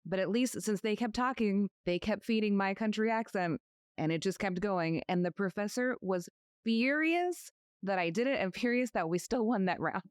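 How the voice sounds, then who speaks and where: A woman's voice: medium pitch, normal speed, clear, resonant tone, no room sound, studio quality. A woman hosting a podcast interview, telling stories in a friendly way and laughing easily. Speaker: podcast host, lawyer. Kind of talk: conversational interview.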